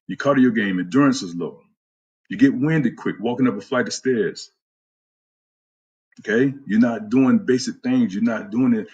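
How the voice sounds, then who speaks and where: A man's voice: lowish voice, darkish tone, slightly rough. A man who is a fitness trainer, giving a blunt, profane talk on a live stream and greeting viewers by name. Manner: blunt, profane, trash-talking.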